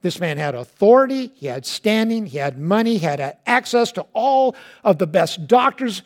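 High-voiced preacher telling a story. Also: male voice, moderate pace. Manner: animated storytelling with big swings from loud to hushed; colloquial asides. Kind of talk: sermon.

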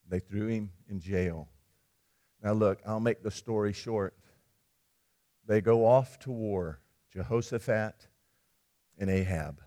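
A man preaching a sermon, retelling a scripture story in a conversational, animated way. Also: on the low side, measured pace.

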